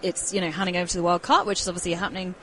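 A woman's voice: on the low side, level tone, rapid-fire, fairly bright tone, a little hiss or hum. A woman with a British accent, a sports reporter who chats with an easy laugh as a guest on a radio show. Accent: British English. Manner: chatty, laughing easily. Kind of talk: casual radio chat.

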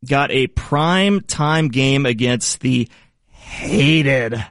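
A man's voice: medium pitch, lively intonation, extremely slow, fairly bright tone, no room sound. A man hosting a sports show segment in a playful, upbeat way. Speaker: host.

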